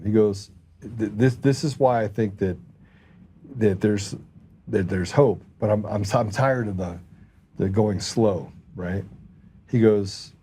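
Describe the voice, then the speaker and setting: A man's voice: on the low side, slight background noise. A man hosting a podcast, chatting casually and telling a story with acted-out dialogue. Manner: animated storyteller, acts out dialogue. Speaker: podcast host.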